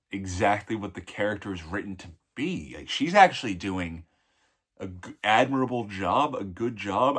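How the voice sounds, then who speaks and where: A man's voice: on the low side, fairly bright tone, breathy edge. A man giving a casual, blunt film review, rambling and correcting himself mid-sentence. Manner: blunt and opinionated. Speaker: movie reviewer.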